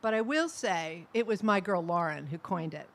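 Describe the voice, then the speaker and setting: A middle-aged woman giving a personal eulogy at a memorial service, telling fond anecdotes with soft laughs. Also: lowish voice, lively intonation, moderate pace.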